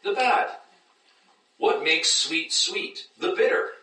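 A man preaching a sermon as pastor, animated, acting out doubters in high mocking voices. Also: takes it slowly, a little hiss or hum. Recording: echoey room, mic at a distance.

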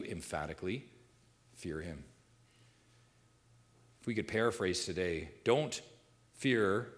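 A man preaching a sermon from the pulpit. His delivery swings widely, dropping to hushed, low tones and then climbing to loud, high peaks of intensity. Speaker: pastor.

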